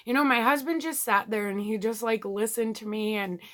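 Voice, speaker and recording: Bright-voiced woman, candid rambling vlog. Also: a little high, moderate pace. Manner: candid, rambling, full of ums and you-knows. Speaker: vlogger. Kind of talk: casual personal video diary.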